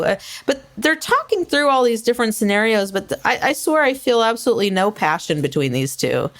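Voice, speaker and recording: A woman's voice: medium pitch, very animated, moderate pace, few pauses. Conversational woman podcast co-host. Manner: conversational, recaps scenes, agrees a lot. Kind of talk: casual chat.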